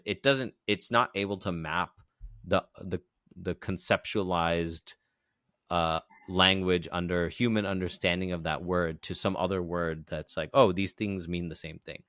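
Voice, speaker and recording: A man with a low, smooth, resonant voice co-hosts a podcast. He walks through ideas in an unhurried, casual way, checking in with "right?" as he goes. The sound is dry and close. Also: steady tone, a bit bright, dry recording. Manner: explains patiently, leans on "you know" and "right?". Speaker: podcast co-host. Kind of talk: casual explanatory podcast chat.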